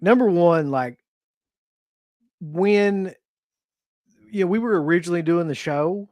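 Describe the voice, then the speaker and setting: Male co-host, earnest and methodical, slightly high voice, dry close sound. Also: a little mellow, dry recording. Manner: earnest, lays out points in numbered order. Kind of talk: casual talk-show discussion.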